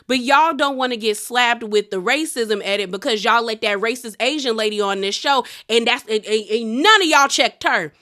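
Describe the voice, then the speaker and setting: Sassy woman vlogger, slightly high and very bright, dishing on reality TV drama. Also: moderate pace, hardly any pauses. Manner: animated, sassy storytelling. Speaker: reality TV recapper. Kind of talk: casual reality-show recap.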